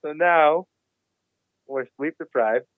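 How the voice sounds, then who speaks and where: A young man, a guest on a podcast, telling a story in casual, animated talk and swearing constantly. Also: on the high side, takes it slowly, dry recording. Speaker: podcast guest, BMX rider. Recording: dry, phone-like narrow sound.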